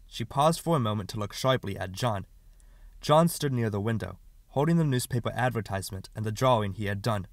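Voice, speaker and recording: A man reading a short story aloud as an audiobook narrator, calm and measured. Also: lowish voice, dry recording, clean studio sound.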